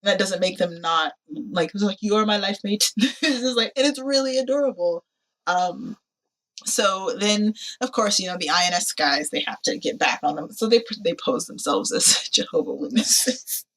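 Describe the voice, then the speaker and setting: Woman podcaster retelling a movie scene by scene, lots of "like", slips into character voices, middle pitch. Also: moderate pace. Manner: animated, acts out quotes with lots of "like" and laughs. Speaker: podcast co-host. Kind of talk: casual movie recap chat.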